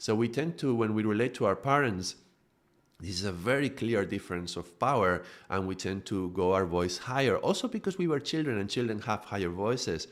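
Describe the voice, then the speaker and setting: A male yoga teacher giving a live spiritual talk, explaining calmly and demonstrating points with his own voice. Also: on the low side, moderate pace.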